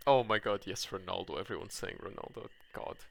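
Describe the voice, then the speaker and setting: At home, a man streams a cozy farming game over faint game music, rambling to viewers, reacting to chat, laughing often and restarting his sentences a lot. His voice is on the low side, brisk, creaky and a bit bright.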